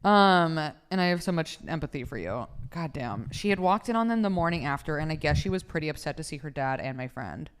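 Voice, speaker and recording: A woman's voice: low voice, expressive, brisk, few pauses, clear, resonant tone. A young woman hosting a casual podcast, reading listener stories aloud and reacting bluntly with lots of swearing. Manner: profane, laughing, blunt. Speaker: podcast host.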